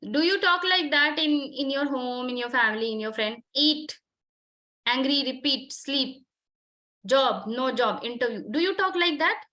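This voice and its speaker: An Indian woman runs a communication skills class and keeps pressing her students to speak clearly. Her voice sits high and sounds bright and clear, and she slips between English and Hindi as she questions them. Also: unhurried. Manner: probing, insistent questioning, mixing Hindi and English. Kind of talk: online group discussion coaching.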